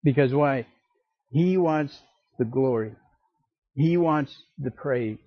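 A man preaching a sermon as pastor, slow and emphatic, acting out the scripture quotes. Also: medium pitch, dry recording, muffled recording.

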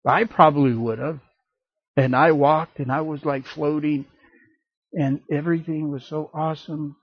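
An animated male preacher delivering a sermon and slipping into playful voices and asides. His voice sits a bit high and sounds husky. The recording is dry and slightly dull. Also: moderate pace, dry recording.

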